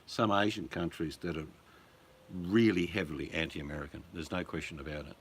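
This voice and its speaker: An older Australian man chatting casually, a rambling storyteller who chuckles and slips into loud put-on voices in his anecdotes. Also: low-pitched, steady tone, a little fast, slight background noise. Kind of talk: casual chat.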